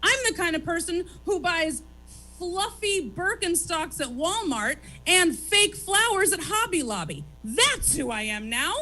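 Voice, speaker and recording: Brief: woman talk-show host, high and lively, swearing, animated stage rant. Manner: animated, profane, rapid-fire ranting. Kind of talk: stand-up style chat on stage. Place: comedy theater stage.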